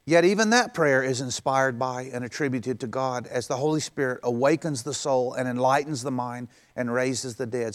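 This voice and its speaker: A middle-aged male pastor preaching a sermon in a conversational way, acting out quoted voices in passing. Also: on the high side.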